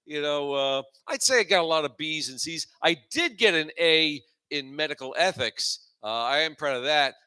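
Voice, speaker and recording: A man's voice: a little high, animated, normal speed, hardly any pauses, bright, forceful tone, clean tone. A man in his forties hosting a comedy open mic, rambling loosely between dry, self-mocking punchlines. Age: 40s. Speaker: host and stand-up comedian. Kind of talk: stand-up comedy set.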